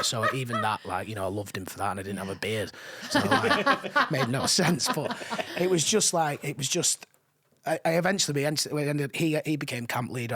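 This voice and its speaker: A man, a podcast guest telling animated stories with frequent laughs. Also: fairly low pitch. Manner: animated storytelling, laughs often. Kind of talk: casual chat. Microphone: studio mic.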